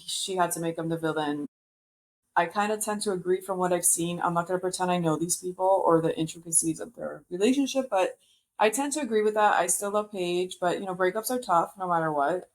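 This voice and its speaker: Chatty gossiping woman, lowish voice. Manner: chatty, gossipy, laughs often. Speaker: podcast host. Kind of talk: casual chat about reality TV.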